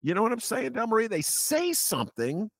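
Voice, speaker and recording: A man hosting a political talk radio show, animated and incredulous as he chats with his guest. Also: high-pitched, a little fast, dry recording.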